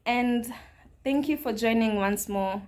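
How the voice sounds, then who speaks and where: A woman's voice: a little high, takes it slowly, darkish tone, a little hiss or hum. A woman, a mother and host, patiently asking her young child simple questions one at a time. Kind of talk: teaching a young child at home.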